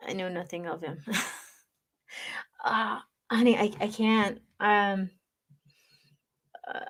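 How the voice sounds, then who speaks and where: A woman's voice: mid-range voice, fairly even intonation, slow pace. A woman chatting casually with viewers on a livestream, teasing them and reading their comments aloud. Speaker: livestream reader.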